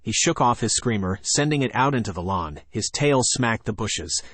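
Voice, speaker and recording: Male audiobook narrator, low-pitched, dry close recording, steady story reading. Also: normal speed, breathy edge, no echo. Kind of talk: scripted narration.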